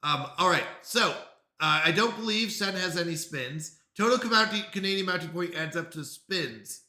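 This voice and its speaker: Man streaming live, flustered and apologetic, very bright voice, slightly high, echoey room. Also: expressive, normal speed. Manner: flustered, apologetic, talks himself through tech trouble. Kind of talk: casual live-stream chat.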